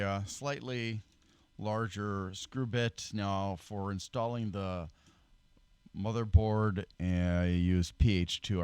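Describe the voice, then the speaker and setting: Guy with a lowish voice doing a rambly diy pc build tutorial at home, dry close mic, fades when he leans back. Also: darkish tone, smooth, dry recording. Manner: rambling, self-deprecating, with fillers and self-corrections. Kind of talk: casual how-to demonstration. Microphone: desk microphone, moving closer and farther.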